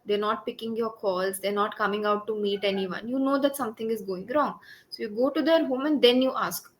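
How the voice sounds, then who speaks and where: A woman's voice: fairly high pitch, fairly quick, a little hiss or hum, poor audio. A woman with an Indian English accent teaching an online English speaking lesson, explaining step by step and encouraging her student over a video call.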